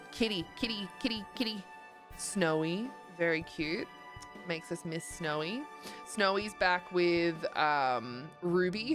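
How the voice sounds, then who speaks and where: Sleepy, chatty young woman streaming. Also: fairly low pitch. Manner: chatty and rambling, many "like" fillers. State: sleepy, yawning. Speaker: livestreamer. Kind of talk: casual chat while gaming.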